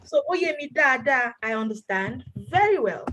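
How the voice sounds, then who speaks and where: A woman with a fairly high voice runs an online language class over a video call. She encourages her students warmly and repeats each word so they can copy it. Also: expressive, fairly quick, noisy background. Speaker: language teacher.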